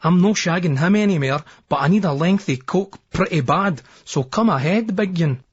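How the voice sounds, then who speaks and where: A man reading a loud teasing Scottish lass. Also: sits high, expressive, moderate pace, husky, dry recording, lo-fi sound.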